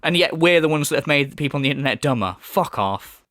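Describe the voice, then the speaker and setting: A man's voice: on the high side, animated, fast talker, fairly bright tone, no echo, clean studio sound. A man giving a profane, mocking rant as a commentary YouTuber. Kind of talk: ranting reaction commentary.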